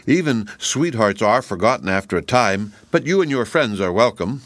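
A man's voice: on the low side, animated, moderate pace, fairly bright tone, dry recording. A man voicing a pretty young Munchkin woman who speaks in a cool, polite manner.

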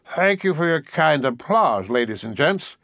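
Brief: tipsy, speechifying young man, voiced by a man, a little husky. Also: a little high, sing-song, unhurried, a bit bright, dry recording, clean studio sound, pitched above the performer's own voice, heavily acted. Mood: tipsy pompous. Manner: pompous, mock-formal. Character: drunk young man, owlish and oratorical.

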